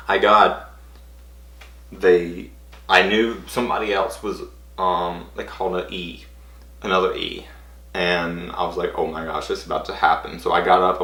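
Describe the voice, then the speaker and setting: A vlogger with a deep, bright, forceful voice eagerly retells a personal story to camera. He rambles casually and says "like" constantly, in a recording with roomy echo.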